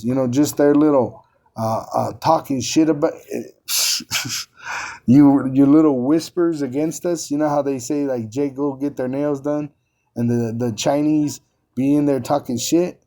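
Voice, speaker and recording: A man's voice: medium pitch, warm tone. A man preaching and teaching from scripture, combative and profane, often repeating words as he drives his points home.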